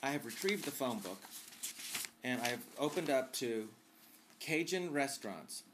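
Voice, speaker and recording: A man's voice: mid-range voice, lively intonation, unhurried, noisy background. A man hosting a casual vlog, answering viewer questions in a chatty, campy, wisecracking way.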